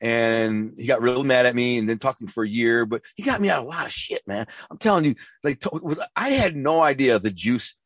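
A man from the Detroit area tells his stories at a rapid clip, stumbling over restarts and slipping into acted-out quotes. His mid-range voice sits dry and close, with no room around it. The talk is casual, profane and streetwise. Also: mid-range voice, lively intonation, fairly bright tone, no echo. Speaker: interview guest, former mob associate and author. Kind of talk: casual storytelling interview.

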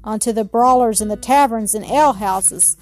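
A woman's voice: a little high, moderate pace, darkish tone, faint music behind, close to an everyday voice. A woman voicing a grave old grandfather. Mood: reproving. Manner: grave, reproving, formal. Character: grave, dignified old man of eighty, grandfather.

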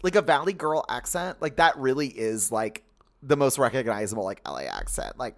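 Animated, joking male podcast co-host. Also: mid-range voice, a little fast. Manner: animated, jokey, drifts into soft mock voices. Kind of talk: casual chat.

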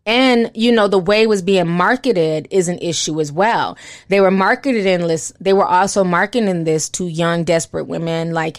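A woman's voice: on the low side, moderate pace, dry recording. A young woman giving casual commentary and reading posts aloud, with lots of "you know" fillers.

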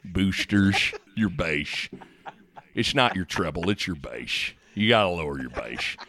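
A man doing an impression of a gruff older male basketball coach, talking low, slow and hushed. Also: lively intonation, heavily acted.

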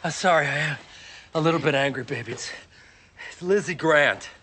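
A man's voice: a little high, moderate pace, background noise, natural voice. An actor playing an angry middle-aged male Hollywood agent in a TV drama scene, defensive and wheedling. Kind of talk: TV drama acting.

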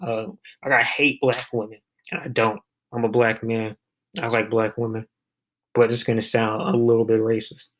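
A man's voice: lowish voice, little pitch movement, normal speed. A man giving a casual, rambling commentary on poems, full of fillers and restarts. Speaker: poetry reading vlogger.

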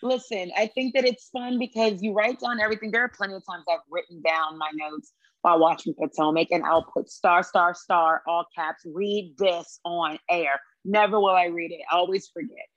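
A woman's voice: fairly low pitch, fairly even intonation, fairly bright tone, no room sound, dull audio. Chatty woman podcast host, dry sound. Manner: chatty, quick quips and laughs. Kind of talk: casual chat.

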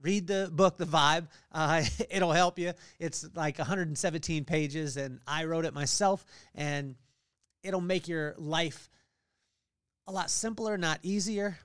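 A middle-aged man hosting a podcast, giving a lively motivational faith talk with family stories and scripture readings. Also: fairly high pitch, clean tone, dry recording, clean studio sound. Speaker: podcast host.

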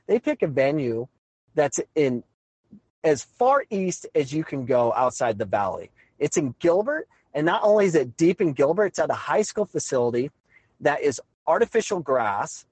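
A man's voice: on the high side, sing-song, normal speed, a little mellow, no echo, low-quality recording. Exasperated man ranting, dry sound. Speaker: high school soccer coach. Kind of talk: frustrated monologue.

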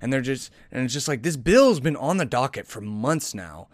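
A man's voice: mid-range voice, sing-song, moderate pace, no echo. A man hosting a podcast, casually commenting on satirical headlines in a rambling, sarcastic way with frequent restarts. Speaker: podcast host.

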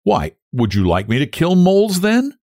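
A man's voice: medium pitch, wildly swooping pitch, normal speed, darkish tone, dry recording, studio quality, voice pushed up. A man voicing a proud young woman who speaks coolly and with slight contempt. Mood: cold. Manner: cool, clipped, faintly contemptuous.

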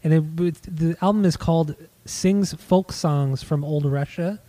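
A man's voice: fairly high pitch, unhurried, mellow, dry recording. A man chatting casually about records he bought, easygoing and a little hesitant, swearing now and then. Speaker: podcast co-host. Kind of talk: casual chat about vinyl finds.

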